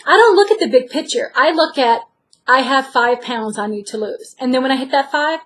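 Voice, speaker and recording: A woman's voice: high-pitched, animated, fairly quick, fairly bright tone. A woman talking candidly to the camera in an earnest, encouraging way. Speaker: vlogger sharing her weight loss journey. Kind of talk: candid direct-to-camera talk.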